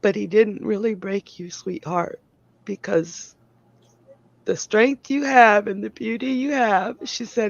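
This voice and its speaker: A woman psychic medium giving an emotional live reading in a slow, tender, halting way. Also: mid-range voice, creaky, no echo. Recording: dull lo-fi sound.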